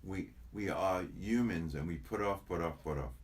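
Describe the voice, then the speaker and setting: Speaking in a low voice at normal speed, this older chiropractor is a guest in a casual interview chat. His storytelling rambles and he repeats himself along the way.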